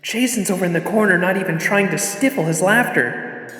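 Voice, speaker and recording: A man's voice: high-pitched, a little fast, a bit bright, slightly rough, faint music behind. A young man streaming a game live, chatting casually, laughing and reading dialogue aloud. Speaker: gaming streamer. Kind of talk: live game playthrough commentary.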